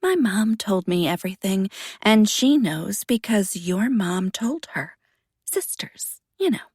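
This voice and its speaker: A woman's voice: mid-range voice, sing-song, slow, darkish tone, breathy edge, no echo, studio quality, exaggerated voice. Willow, a coy cruel teen girl, read by a woman. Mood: coy taunting.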